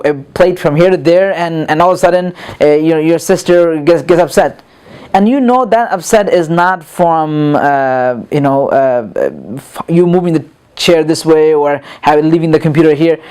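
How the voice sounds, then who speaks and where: A man's voice: on the high side, normal speed, darkish tone, smooth. A man giving a casual spoken lesson, repeating words and filling gaps with "you know" while he acts out examples. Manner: rambling, repeats words, many fillers, acts out quotes. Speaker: instructor.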